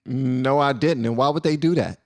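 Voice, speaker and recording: A man's voice: medium pitch, moderate pace, a little mellow. A man hosting a casual live stream and talking loosely, with many fillers and restarts.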